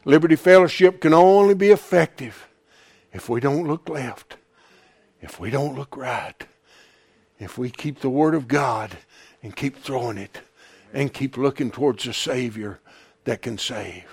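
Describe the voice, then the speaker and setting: A man preaching a sermon as pastor, rising to shouted peaks and falling to hushed, near-whispered lines, with emphatic repetition. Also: medium pitch, measured pace, gravelly, husky, no room sound.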